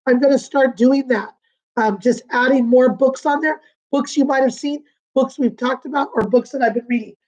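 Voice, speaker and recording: A woman teaching a remote lesson to young children, patient and sing-song, repeating words slowly. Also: high voice, a little mellow, poor audio. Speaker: kindergarten teacher.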